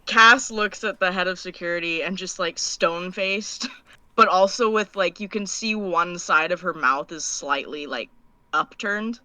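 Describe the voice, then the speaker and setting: A woman's voice: fairly low pitch, a little slow. A woman playing a tabletop role-playing game, describing her character's actions with frequent laughs. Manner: laughs often, drops into a quiet in-character mutter. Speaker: player.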